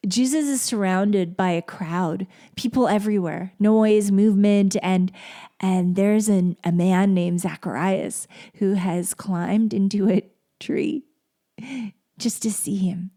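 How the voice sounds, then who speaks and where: A middle-aged woman hosting a solo podcast, talking in a gentle, heartfelt, reflective way. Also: medium pitch, slow pace. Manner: heartfelt, gentle, turns emotional and tearful. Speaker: podcast host.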